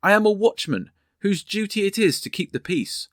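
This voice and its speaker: A man's voice: sits high, expressive, normal speed, dry recording, pitched above the performer's own voice. A frail old night watchman pleading humbly, voiced by a man. His voice is raised and anxious but stays respectful. The recording is dry and close.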